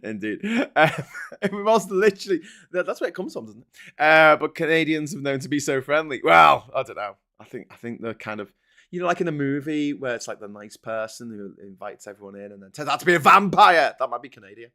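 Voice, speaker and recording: A man's voice: fairly high pitch, brisk, sharp tone. Sarcastic man reviewing headlines. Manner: sarcastic and exasperated, breaking into laughter. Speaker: host. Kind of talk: casual commentary on newspaper front pages.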